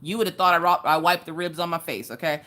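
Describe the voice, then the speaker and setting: A fast-talking woman with a Southern American accent hosts a casual stream, chatting loudly with her audience. When she greets them, her voice jumps into high squeals.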